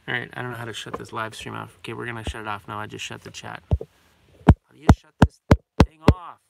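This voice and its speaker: A man's voice: mid-range voice, fairly even intonation, moderate pace, gravelly, long pauses, very noisy. A man, hosting a casual livestream chat in a rambling, heartfelt way and talking fondly to his dog. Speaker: vlogger host.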